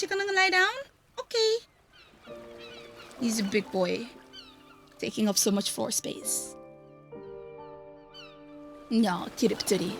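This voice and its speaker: A woman's voice: high-pitched, pushed and bright. A young woman streamer chatting casually while gaming, playful and giggly, cooing to her cat. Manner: playful, doting baby talk to her cat.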